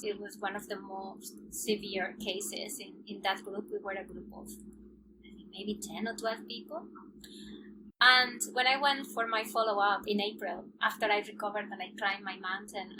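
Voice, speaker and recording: A woman guest in an interview, telling a personal story in a lively way and acting out the dialogue. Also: mid-range voice. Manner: animated storyteller who acts out quoted dialogue and laughs often. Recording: noisy recording.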